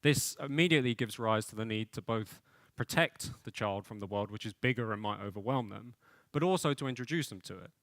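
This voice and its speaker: A man's voice: lowish voice, brisk, fairly bright tone, dry recording. A man giving a keynote lecture at a conference, speaking thoughtfully and often hedging with small fillers as he works through his points.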